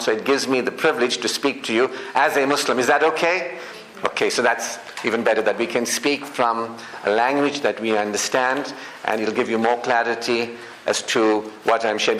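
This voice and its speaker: A man's voice: mid-range voice, a bit bright. Middle-aged south african guy giving a talk at an event, chatty, keeps asking if people get it, echoey hall with a bit of noise. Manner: conversational, often asks "you know what I mean?". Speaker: speaker at a public event. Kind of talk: public talk to an audience.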